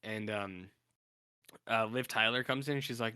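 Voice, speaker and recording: Bright-voiced man rambling through a movie recap. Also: lowish voice, normal speed, long pauses, clear, resonant tone. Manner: rambling, heavy on "like", acts out scenes while recapping a film. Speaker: podcast co-host. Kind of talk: casual podcast chat.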